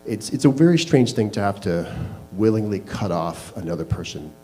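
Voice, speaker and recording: A man's voice: lowish voice, expressive, normal speed, dark tone, soft background music, low-quality recording. A man telling a candid personal story to a live audience, laughing at himself as he goes. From Canada. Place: small live venue.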